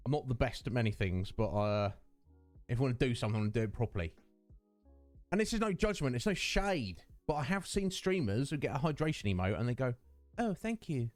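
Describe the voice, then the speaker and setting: A man's voice: mid-range voice, sing-song, fast talker, faint music behind. A man, chatting casually with his livestream viewers, greeting them by name and laughing often. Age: 30s. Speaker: streamer.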